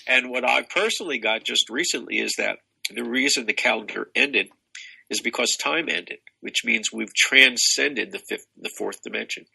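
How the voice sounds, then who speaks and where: A man's voice: medium pitch, normal speed, creaky, bright, forceful tone, breathy edge, low-quality recording. An older man talking as a spiritual teacher guest in an expansive, rambling way, with many restarts. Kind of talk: casual spiritual conversation.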